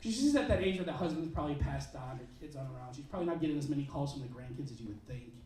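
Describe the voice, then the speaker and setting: Stand-up comic, male, high lively delivery, acts out bits; roomy club sound. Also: recorded from a distance. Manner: animated, acts out characters in quick bits. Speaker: stand-up comedian. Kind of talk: stand-up comedy set. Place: comedy club stage. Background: audience laughter.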